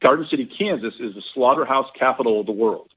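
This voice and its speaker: A man on a podcast, a golf professional, telling long stories in a rambling, animated way full of fillers. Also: mid-range voice, quick pace, breathy edge. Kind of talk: casual storytelling interview. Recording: phone-line quality.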